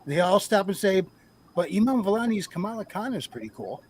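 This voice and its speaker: A man hosting a casual online chat show, relaxed and wry, reading out viewer comments. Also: high-pitched, fairly quick. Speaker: show host.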